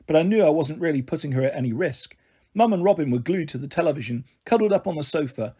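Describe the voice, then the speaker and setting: Animated man reading a children's story. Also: on the high side, breathy edge. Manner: expressive, animated reading with voiced characters. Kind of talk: reading a children's book aloud.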